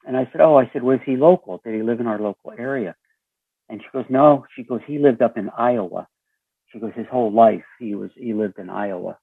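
A man with a raspy voice telling a story as an interview guest, acting out the dialogue with lively shifts. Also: mid-range voice, a little fast, no room sound. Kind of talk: storytelling conversation. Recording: tinny phone line.

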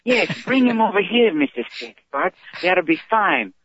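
Smug fussy plastic surgeon, raised nasal pitch, condescending, muffled dry recording, as a man puts him on. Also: big pitch swings, moderate pace, a bit bright.

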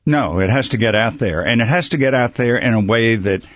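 A man, a communication coach, giving measured answers as a talk show guest. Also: mid-range voice, dry recording, dull audio. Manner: measured, quotes sayings, chuckles. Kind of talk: radio interview guest.

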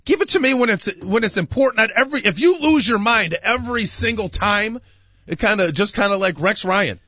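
A man's voice: high voice, expressive, a little fast, bright, forceful tone, no echo, lo-fi sound. A man co-hosting a sports talk show, emphatic and opinionated, often restarting his sentences. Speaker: sports radio co-host.

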